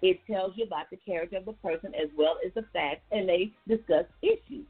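A woman's voice: fairly low pitch, a little fast, husky, soft background music. A woman hosting a call-in radio talk show, speaking in a folksy, casual way and often calling her listeners y'all. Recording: tinny phone-like radio line.

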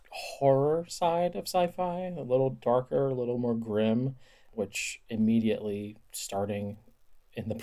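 A man's voice: fairly low pitch, dark tone. A man co-hosting a casual podcast, easygoing, who also reads text aloud with drama. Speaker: podcast co-host and editor.

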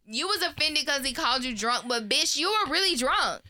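A woman co-hosting a podcast in casual chat, excitable and blunt, laughing often. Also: high-pitched, fairly quick. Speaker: podcast co-host.

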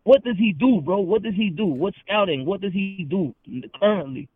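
Fired up guy on a podcast call, kinda high voice, sounds like a phone line, keeps repeating himself. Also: lively intonation, normal speed, breathy edge, no room sound. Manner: heated, repetitive, confrontational, slangy. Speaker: guest. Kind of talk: heated podcast conversation.

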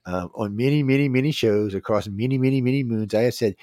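A man's voice: medium pitch, lively intonation, normal speed, darkish tone, no room sound, studio quality. A man in his fifties hosting a talk radio show, blunt, rowdy and profane, speaking casually. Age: 50s.

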